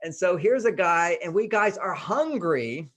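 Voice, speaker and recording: Lively, slightly high-voiced man explaining. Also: unhurried, muffled recording. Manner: animated, laughing, acts out quoted speech. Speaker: guest, relationship author. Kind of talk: casual interview talk.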